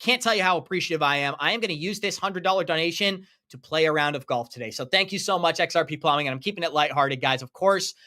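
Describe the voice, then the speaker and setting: A man's voice: a little high, fast talker, hardly any pauses, sharp tone. A man hosting a crypto live stream, upbeat and effusive as he thanks viewers by name for their donations. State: running out of breath. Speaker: crypto livestream host.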